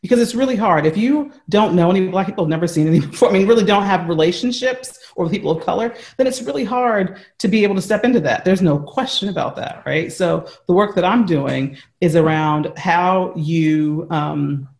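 A man's voice: high voice, fairly quick, vocal fry, few pauses. An American man speaking earnestly as an interview guest on a call from home, explaining at length with frequent fillers and restarts. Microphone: remote call from home.

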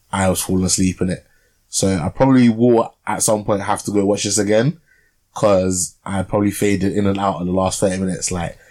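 A man's voice: on the low side, darkish tone. A young man co-hosting a podcast, chatting casually about a film with lots of fillers and tag questions. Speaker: podcast co-host. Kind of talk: casual film review chat.

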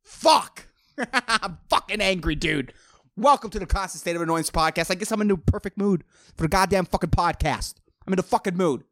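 A man's voice: high voice, quick pace, fairly bright tone, no room sound, clean studio sound. A tired man hosting a podcast, ranting with lots of swearing in an exasperated, rambling way. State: tired late at night. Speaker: podcast host. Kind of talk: profane comedic rant.

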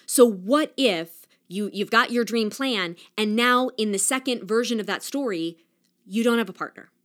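A woman's voice: fairly high pitch, moderate pace, fairly bright tone. A young adult woman hosting a solo podcast, talking in an earnest, reflective way with many casual "like" fillers. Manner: earnest and reflective, talks with her hands, frequent "like" fillers. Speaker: podcast host.

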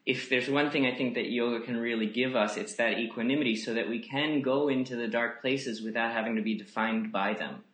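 A man speaking as a podcast guest on yoga, in a gentle, musing way, full of "you know" fillers. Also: mid-range voice, roomy sound. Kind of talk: reflective casual conversation.

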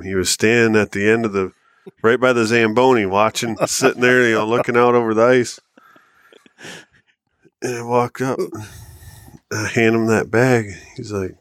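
An American man telling a long hunting story in casual podcast chat, acting out quotes with bursts of excitement. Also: moderate pace, pauses often, clear, resonant tone, dry recording, studio quality. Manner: animated storyteller, rises high and loud when acting out quotes. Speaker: podcast co-host.

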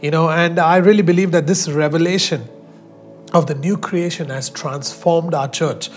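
A man preaching a sermon as pastor, emphatic, slowing down and stretching out key phrases. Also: on the high side, fairly even intonation, soft background music. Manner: emphatic, drawn-out preaching with slow stressed phrases.

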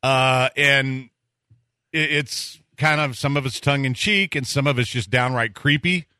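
An easygoing man hosts a radio talk show at a middle pitch, hesitating with fillers as he talks. His voice is bright and close, in a dry studio. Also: measured pace, clear, resonant tone, no echo. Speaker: radio sports talk host. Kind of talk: casual radio banter.

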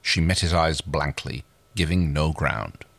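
A man's voice: a bass voice, a little slow, vocal fry, a bit bright, no echo. A man co-hosting a story reading, reading aloud with laughing asides. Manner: laughs easily, apologetic slips.

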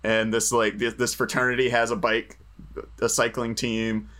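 A man's voice: medium pitch, flat delivery, moderate pace, bright, forceful tone. A man co-hosting a casual film podcast, speaking hesitantly with many fillers and restarts. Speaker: podcast co-host.

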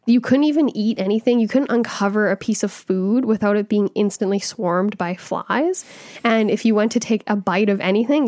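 A young adult woman co-hosting a casual history podcast, reading out facts in a conversational way with fillers and quick self-corrections. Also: medium pitch, a little mellow, no echo, clean studio sound. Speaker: podcast co-host.

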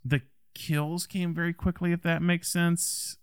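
A man's voice: fairly high pitch, level tone, a little slow, clean tone, no room sound, clean studio sound. A man co-hosting a film podcast, talking casually and rambling with restarts. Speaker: podcast host.

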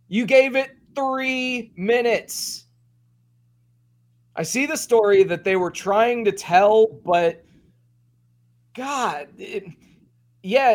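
A man co-hosting a podcast, giving sarcastic, profanity-laced wrestling commentary in casual chat. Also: sits high. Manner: ranting, sarcastic, swears freely. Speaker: podcast co-host.

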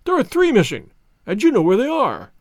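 A man's voice: extremely high pitch, wildly swooping pitch, brisk, dry recording, voice pushed up, full character voice. Brief: male reader as an outraged elderly banker, storybook voice, dry sound. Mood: enraged. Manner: outraged, shouting accusations. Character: distraught, furious old banker father.

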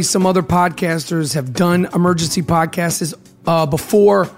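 A man with a gravelly, hoarse voice hosts his podcast in a brash, profane ramble, stumbling through fillers and restarts. Faint music plays underneath. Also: fairly high pitch. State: hoarse from a throat problem. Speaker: podcast host. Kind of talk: casual podcast monologue with host-read ad.

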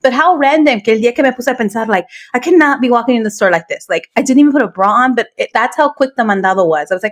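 A woman in her forties co-hosting a casual chat show, telling animated stories and switching between English and Spanish. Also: fairly high pitch, racing, few pauses. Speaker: podcast co-host.

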